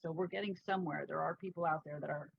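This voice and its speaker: Low-ish woman host, animated, muffled lo-fi sound. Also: gravelly, slightly rough. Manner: animated, quick to agree. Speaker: interview host. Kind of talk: casual interview chat. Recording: dull lo-fi audio.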